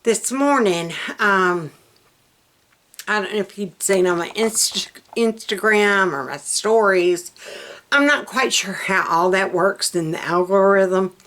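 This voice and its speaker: A woman's voice: medium pitch, slow pace, fairly bright tone. A middle-aged woman from central Alabama with a Southern accent, rambling folksily in a casual vlog chat and laughing often. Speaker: vlogger.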